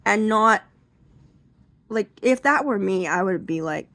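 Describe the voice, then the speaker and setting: A young woman tells a rambling stand-up story in a middle-pitched voice. She stops and restarts often and leans on fillers. When she quotes people, her voice jumps up high and gets loud. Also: lively intonation, unhurried. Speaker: stand-up comedian.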